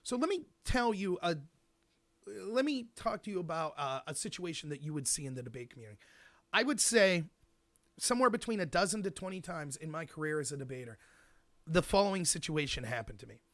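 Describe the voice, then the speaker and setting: Fast-talking, high-pitched man ranting. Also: no echo. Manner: fast, animated ranting with mock quotes. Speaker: host. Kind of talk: commentary monologue.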